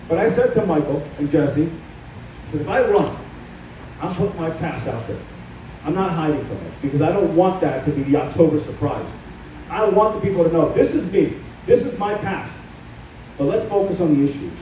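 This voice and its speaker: A man's voice: a little high, animated, moderate pace, long pauses, warm tone, recorded from a distance, a little hiss or hum. Combative man speaking in an echoey hall. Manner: combative, storytelling. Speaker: political candidate. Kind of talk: campaign speech. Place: event hall.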